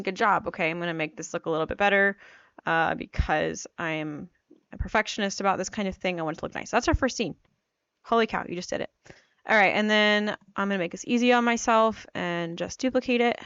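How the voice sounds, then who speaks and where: A woman's voice: medium pitch, a bit bright, smooth, dry recording, muffled recording. A woman teaching fiction writing in a casual, chatty tutorial, self-deprecating and full of fillers, talking while she types and just getting over a cold. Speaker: writing coach. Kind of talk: casual screen-share tutorial. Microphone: new microphone.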